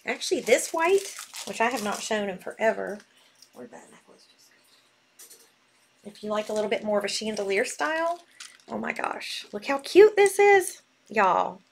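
A woman's voice: medium pitch, very animated, moderate pace, gravelly, slight background noise. A woman hosting a live sale, bubbly and gushing as she talks. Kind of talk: live selling stream.

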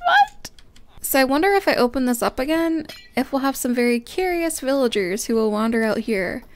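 A bubbly young woman hosting a casual gameplay session, chatting along as she plays. Her voice sits a little high, and she coaxes the game characters while breaking into sudden excited squeals. She talks close to a desk microphone. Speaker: gaming host. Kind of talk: casual let's-play commentary.

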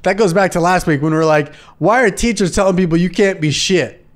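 A man co-hosting a casual podcast, joking and profane, often jumping up in pitch for impressions. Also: a little fast. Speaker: podcast co-host. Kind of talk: casual chat.

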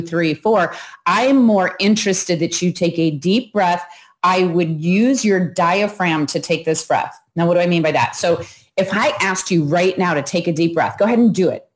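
A woman host talking viewers through a breathing exercise in a calm, instructive way, pausing as she guides each breath. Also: fairly low pitch. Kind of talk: coaching talk to viewers.

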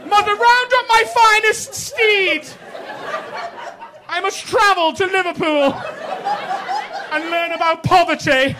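A loud, plummy posh young toff, put on by a comedian, gushes in a very high voice. The club crowd and background noise stay clearly heard throughout. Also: male voice, takes it slowly, pauses often. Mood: mock-posh. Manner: shouted, plummy and mocking. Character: posh young man with exaggerated upper-class airs.

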